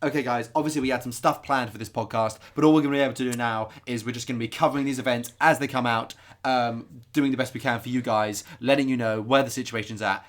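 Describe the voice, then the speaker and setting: A man co-hosting a comedy podcast, talking in a quick, mock-alarmed, news-reader way. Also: mid-range voice, steady tone. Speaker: podcast co-host. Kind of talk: improvised comedy chat.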